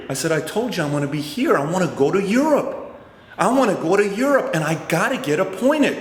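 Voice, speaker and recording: Male host, motivational storyteller, lively and expressive, reverberant hall sound. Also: high-pitched, a little fast. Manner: animated, acts out both sides of conversations. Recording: roomy hall with long reverb.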